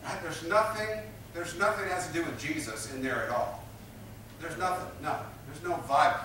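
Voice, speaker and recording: Emphatic and repetitive, a man delivers a sermon that prompts his congregation to respond. His voice is on the high side at normal speed, picked up from a distance in an echoey, noisy room.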